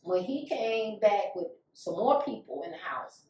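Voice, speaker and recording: A woman's voice: mid-range voice, expressive, measured pace, mellow, heavy reverb, recorded from a distance, rough recording. A woman giving a candid, emotional testimony, acting out the voices of people she quotes. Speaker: guest.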